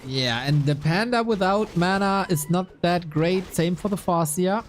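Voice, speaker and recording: A man giving playful live commentary on a strategy game match, with quick asides. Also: high-pitched, faint music behind. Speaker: esports commentator.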